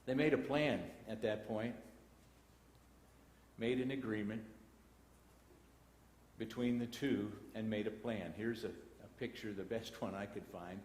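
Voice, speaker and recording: A man's voice: on the low side, steady tone, unhurried, long pauses, darkish tone. A man with a Texan accent teaching a Bible class in a church, reading scripture aloud and breaking into folksy asides. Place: church auditorium. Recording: echoey church hall broadcast.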